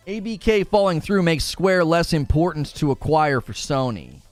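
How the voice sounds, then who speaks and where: Animated male streamer with dry close mic. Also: a little high, normal speed, few pauses, dry recording, faint music behind. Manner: animated, argues both sides, reads chat aloud. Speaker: livestream host. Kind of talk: casual live stream commentary.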